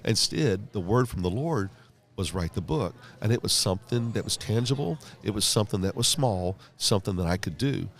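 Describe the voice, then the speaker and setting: The guest pastor and leadership author's voice is fairly low, creaky, and a little fast as he tells his story on a podcast, animatedly acting out the voices of people he quotes.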